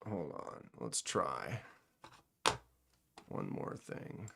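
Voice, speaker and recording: A man's voice: low-pitched, sing-song, drawn-out words, vocal fry, fairly bright tone, a little hiss or hum. A man hosting a live stream, chatting casually with viewers in a joking, sarcastic way. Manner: joking, sarcastic, talks to chat. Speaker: livestream host. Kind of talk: casual livestream chat.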